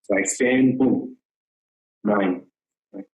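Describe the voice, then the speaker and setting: A man talking as an archery coach in a webinar, explaining technique earnestly, repeating words for emphasis and checking in with a quick "yep". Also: lowish voice, a little mellow, low-quality recording.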